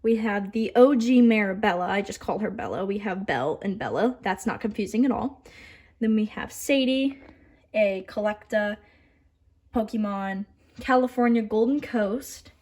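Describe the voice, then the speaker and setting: A young woman gives a relaxed tour of her model horse collection at a moderate pace, her voice mid-range. She's chatty and upbeat, sometimes stuttering or restarting, with asides that quietly trail off.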